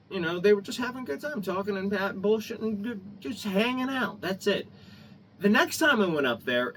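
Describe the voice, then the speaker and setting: A man with a fairly high voice rants in a heated, rambling way and swears freely. He sits back from the microphone, so his voice sounds distant. A faint ambient hum runs under him. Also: a bit bright. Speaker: vlogger. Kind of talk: angry opinion rant.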